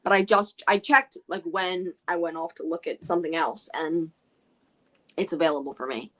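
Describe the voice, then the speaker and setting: A woman's voice: lowish voice, moderate pace, a bit bright. Hesitant woman co-hosting a book chat. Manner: hesitant, trailing off, laughing easily. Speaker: book club co-host. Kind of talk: casual livestream chat.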